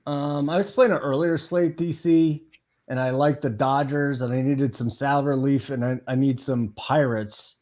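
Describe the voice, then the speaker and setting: A man's voice: medium pitch, steady tone, moderate pace, a little mellow. A man hosting a live sports picks show, brash and teasing, pushing his co-hosts along and reading viewer questions. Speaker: host.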